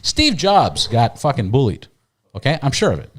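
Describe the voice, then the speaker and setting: A man's voice: mid-range voice, wildly swooping pitch, moderate pace. A man hosting a podcast in casual chat, emphatic and profane, often repeating his words. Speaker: podcast host.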